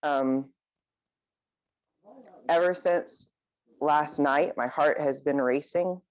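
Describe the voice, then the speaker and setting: A person on a coaching video call sharing hesitantly, pausing and restarting often. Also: medium pitch, lo-fi sound. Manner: hesitant, many fillers and restarts. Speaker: coaching client.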